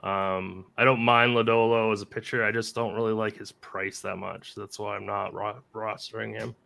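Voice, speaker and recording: A man co-hosting a casual sports betting chat, giving quick, upbeat picks. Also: lowish voice, little pitch movement, creaky, pushed and bright. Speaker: co-host.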